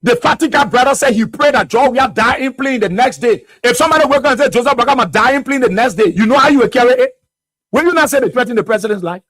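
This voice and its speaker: A man's voice: very high-pitched, expressive, quick pace, fairly bright tone, no echo. A Liberian man hosting a radio talk show, delivering fiery political commentary full of rhetorical questions. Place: radio studio.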